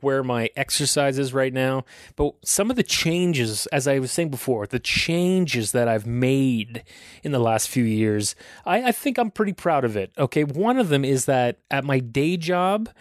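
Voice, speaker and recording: A Canadian man in his thirties hosts a solo podcast, ranting casually in a rambling, profane, self-deprecating way. His voice sits at a medium pitch, and the studio-quality recording has no echo.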